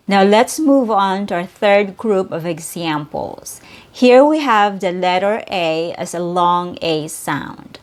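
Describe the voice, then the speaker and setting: A woman leads a pronunciation lesson at an unhurried pace. She demonstrates each vowel clearly and repeats every example word. Her voice sits at a middle pitch. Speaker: pronunciation teacher. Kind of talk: slow, careful pronunciation lesson.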